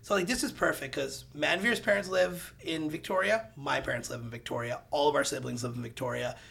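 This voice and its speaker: Guesting on a podcast, a man in real estate narrates a story in an animated, casual manner, playing out the dialogue and getting loud for punchlines. His voice is a little high, creaky and husky, and he speaks briskly.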